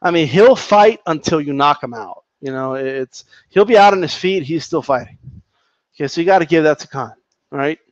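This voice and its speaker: A man's voice: a little high, animated, normal speed, no room sound, lo-fi sound. A man ranting casually about boxing on a live stream, reading the chat, swearing and repeating himself in heated bursts. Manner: profane, heated, repetitive.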